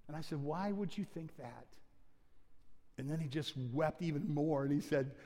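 A male pastor preaching a sermon, telling stories and swinging between hushed, quiet passages and loud, emphatic ones. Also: fairly high pitch, normal speed. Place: church sanctuary. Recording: long church reverb.

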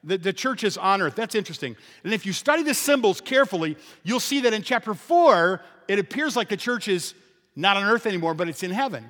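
A man's voice: high voice, animated, fairly quick, fairly bright tone. A pastor preaching a sermon to his congregation, emphatic and full of rhetorical questions. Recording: long reverb of a large hall.

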